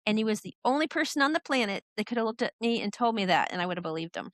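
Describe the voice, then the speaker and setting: A middle-aged woman, a podcast guest, telling her story in a lively, animated way. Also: a little high, rapid-fire, no echo. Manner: animated storyteller who acts out voices in quotes. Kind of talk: storytelling in a casual interview.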